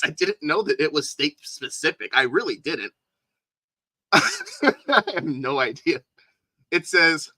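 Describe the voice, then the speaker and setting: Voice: mid-range voice, expressive, a little slow, pushed and bright, no room sound, rough recording. A livestreamer giving reaction commentary, incredulous and often laughing as they talk to their viewers.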